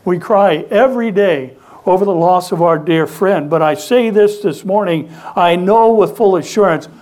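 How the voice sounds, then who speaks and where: A man's voice: high-pitched, moderate pace, darkish tone. A man preaching a sermon as pastor, emphatic and calling on the congregation to answer back. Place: church sanctuary.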